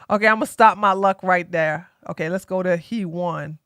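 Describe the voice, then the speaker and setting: A woman hosting a casual political live stream, excitable and mocking, with loud bursts of laughter. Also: fairly low pitch, dry recording, studio quality.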